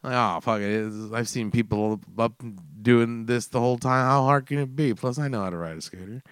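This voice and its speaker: A man's voice: medium pitch, a little fast, clear, resonant tone, dry recording, studio quality. A man in his forties telling a story in casual chat, swearing freely and acting out the voices in his own mishap. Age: 40s.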